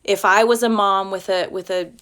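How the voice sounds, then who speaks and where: An earnest woman in her thirties talks loosely into her phone on a live stream. Her speech rambles and is full of likes and restarts. Her pitch sits mid-range for a woman. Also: steady tone, normal speed, fairly bright tone. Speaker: host of a self-help live stream. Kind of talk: casual live-stream talk. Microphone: phone or webcam for a live stream.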